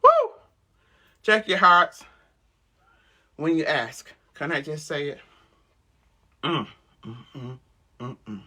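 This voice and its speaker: A woman's voice: low-pitched, animated, slow pace, long pauses. Exuberant whooping woman preacher. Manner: exuberant, loud whooping, repeats "listen to me". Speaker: women's ministry host. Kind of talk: energetic motivational preaching.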